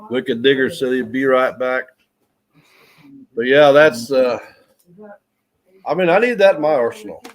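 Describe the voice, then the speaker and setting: A man's voice: medium pitch, measured pace, pauses often. A man hosting a casual livestream, reading out viewer comments and teasing his guest. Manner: joking, reads out viewer comments. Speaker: livestream host.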